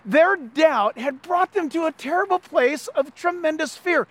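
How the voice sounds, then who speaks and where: A man with a very high voice delivers an animated sermon as a pastor. He preaches emphatically and leans on repeated phrases. The sound is close and dry. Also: measured pace, dry recording. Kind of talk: Easter sermon.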